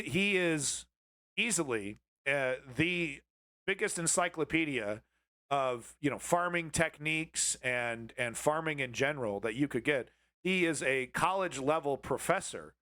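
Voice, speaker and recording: A man's voice: medium pitch, sharp tone. A man hosting a live stream, rambling through casual commentary on clips and sarcastically taunting viewers in chat, with swearing. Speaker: livestream host.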